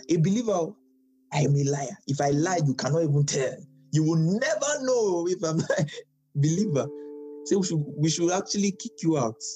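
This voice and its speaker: A man's voice: a little high, dark tone. A man giving a verse-by-verse Bible teaching in a conversational way, repeating key phrases for emphasis and putting questions to his listeners.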